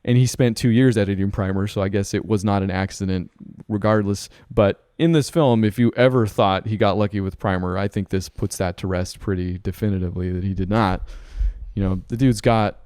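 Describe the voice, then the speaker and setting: A man's voice: on the low side, fairly even intonation, fairly quick, darkish tone, smooth, no echo, clean studio sound. A man co-hosting a casual podcast, talking through a film in a chatty, analytical way with many asides. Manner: chatty, analytical, frequent "like" and "right?". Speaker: podcast co-host.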